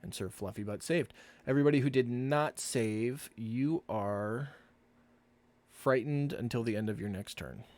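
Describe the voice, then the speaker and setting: A man acting as game master on a live-streamed tabletop game, calling out rulings in an unhurried, matter-of-fact way with easy laughs, heard over an online voice call. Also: mid-range voice, darkish tone.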